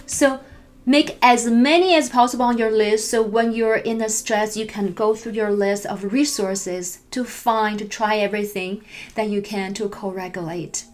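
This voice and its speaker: A woman therapist giving an educational talk in a gentle, soothing manner, with frequent restarts. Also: mid-range voice, fairly even intonation, moderate pace.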